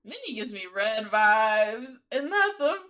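A young woman, live-streaming and commenting on her game in an excitable, gossipy way, swearing freely and breaking into laughter. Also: fairly high pitch, measured pace.

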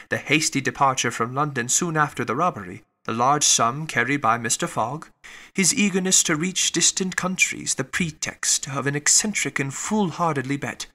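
A man narrating a classic novel as an audiobook, in an expressive storytelling manner. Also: a little high. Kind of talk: scripted narration.

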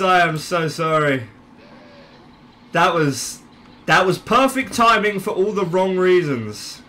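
Bright-voiced young man gaming. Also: high-pitched, lively intonation. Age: young adult. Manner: unhurried, swearing, laughing at his own plays. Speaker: gaming channel host. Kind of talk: casual gameplay commentary.

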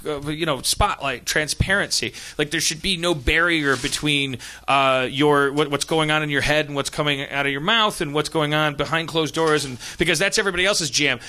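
Bright-voiced man rambling as a podcast host. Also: fairly high pitch. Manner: rambling, profane, self-mocking. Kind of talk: rambling comic monologue. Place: live show stage.

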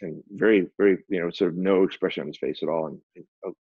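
A man, a photographer and publisher, telling an animated anecdote as an interview guest, with many restarts. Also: low voice, fast, gravelly, breathy edge, no room sound, muffled recording. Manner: animated, acts out quoted dialogue, frequent restarts.

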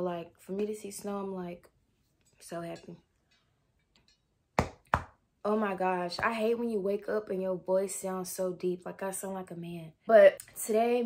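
Young woman vlogging at home on a phone, middle pitch, chatty, faint hiss behind. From Texas. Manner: chatty and animated, drawn-out exclamations; often drops to a soft whisper. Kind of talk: casual vlog chat. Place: at home indoors.

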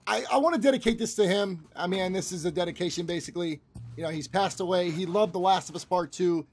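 A man's voice: sits high, fast talker, breathy edge. A man giving casual let's-play commentary as a gaming channel host, rambling, repeating himself and swearing freely.

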